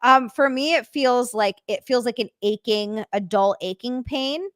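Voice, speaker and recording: A woman chatting casually on her livestream, reading comments aloud in a rambling, halting way and swearing freely. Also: a little high, dry recording, studio quality.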